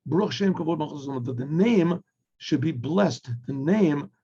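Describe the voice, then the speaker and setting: A rabbi giving a Torah class in a conversational way, acting out little dialogues and clearing his throat often. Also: fairly high pitch, animated, normal speed, mellow. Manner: conversational teaching with homely examples and acted dialogue. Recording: muffled lo-fi recording.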